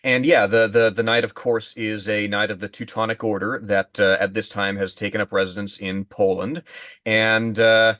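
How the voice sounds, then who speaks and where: A man's voice: lowish voice, flat delivery, a bit bright, dry recording, clean studio sound. A man co-hosting a podcast, chatting about a book and often restarting phrases as he hunts for words. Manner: halting, restarts phrases while hunting for words. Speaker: podcast co-host. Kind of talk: casual book-discussion chat.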